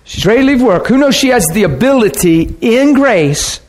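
A middle-aged man preaching a sermon, telling a story and acting out the people in it with big jumps in his voice. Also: normal speed. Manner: animated, acts out quotes with big pitch jumps.

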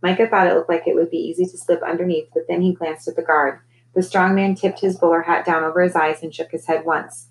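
A woman with a low voice reading a children's novel aloud to her class, unhurried and clear. Her narration is gentle and even, with a faint bit of noise in the background. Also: poor audio.

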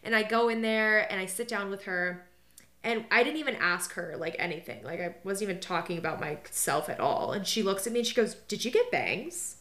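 A young woman chatting on a podcast, winding through anecdotes with a steady stream of "like" fillers. Her voice sits at an ordinary middle pitch. It bounces around a roomy, echoey space. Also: a little fast. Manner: rambling storytelling, heavy filler "like". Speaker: podcast co-host. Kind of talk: casual chat.

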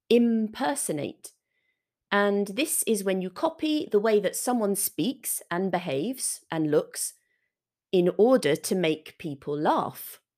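Slow, gravelly-voiced woman teaching English. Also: on the low side, a little mellow. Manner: patient, explains words with example sentences. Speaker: English teacher and podcast host. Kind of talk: vocabulary lesson, slow and clear.

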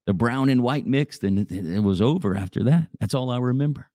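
A man's voice: medium pitch, animated, fairly quick, warm tone, no echo, clean studio sound. A man hosting a radio show, chatting casually in a rambling, jokey way. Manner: rambling, jokey, repeats himself.

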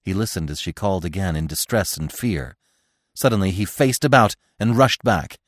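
A man, the podcast host, narrating a classic storybook in an expressive, dramatic way. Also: deep voice, normal speed, dry recording, clean studio sound.

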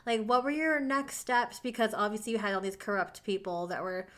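A woman's voice: mid-range voice, steady tone, brisk, a bit bright. A woman hosting a casual interview, sympathetic and loose-spoken, swearing and filling with "like". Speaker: host.

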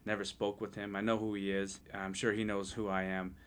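A man with a fairly low voice speaks in an earnest, heartfelt way as a podcast guest. He tells his story in casual chat, often stopping and restarting his sentences. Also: little pitch movement, fairly quick, clear, resonant tone. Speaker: podcast guest sharing testimony.

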